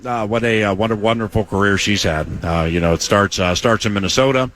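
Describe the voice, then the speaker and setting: A man's voice: lowish voice, fast talker, fairly bright tone, slight background noise. A male sports radio host chatting with a guest, effusive in his praise and rambling with many fillers.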